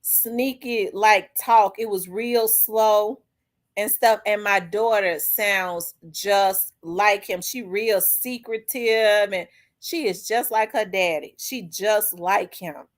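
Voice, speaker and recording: A middle-aged woman, hosting a vlog and telling a story in a blunt, profane, animated way. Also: mid-range voice, takes it slowly. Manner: blunt, profane, animated, acts out quoted people. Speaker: vlog host. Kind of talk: candid storytelling monologue.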